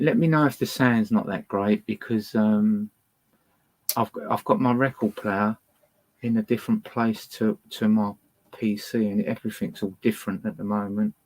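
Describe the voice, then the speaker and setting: Indoors on a boat, a man hosts a casual livestream, playing records and in between ranting angrily and swearing at his viewers. His voice is fairly low with a darkish tone, and the recording is low quality.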